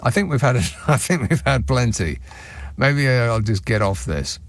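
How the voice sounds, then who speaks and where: On a radio phone-in show, a male host reads out listener messages with sardonic mockery into a studio microphone. His medium-pitched voice is sing-song and moderately paced, with no room sound.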